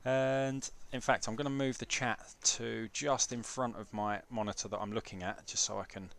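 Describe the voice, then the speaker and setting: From a home room with a PC, a young streamer keeps up casual gameplay chatter, cursing as he tweaks his setup and checks chat. His medium-pitched voice is gravelly and a bit bright, with fairly even intonation at a normal pace.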